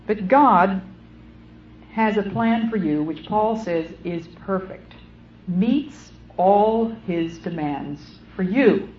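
A middle-aged woman giving an earnest, measured sermon with deliberate phrasing. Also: medium pitch, slight background noise. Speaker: speaker. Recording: muffled old recording in an echoey hall.

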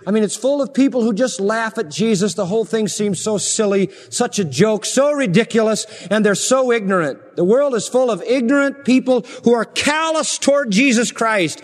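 High-voiced preacher in a reverberant hall. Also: male voice, expressive, normal speed, few pauses. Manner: preaching with wide swings from loud to hushed. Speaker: pastor. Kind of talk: sermon.

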